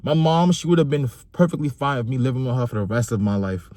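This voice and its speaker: A man's voice: medium pitch, expressive, fast talker, warm tone, dry recording. A young adult man, delivering a passionate opinion monologue about fatherhood and repeating phrases for emphasis. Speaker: vlogger and father.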